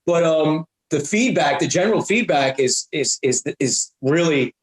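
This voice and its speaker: A man's voice: fairly high pitch, expressive. A man in his fifties, a comedian guest in a casual interview, talking bluntly with lots of restarts and the odd curse. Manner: halting, many restarts, blunt and profane. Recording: roomy echo.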